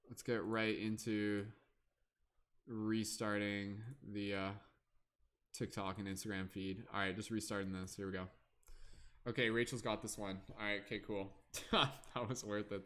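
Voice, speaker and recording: Speaking at a measured pace with long pauses, this man has a low-leaning, level voice with a bit of brightness. As a livestream host he's chatty and playful with viewers, filling the waiting time with hums and scatting.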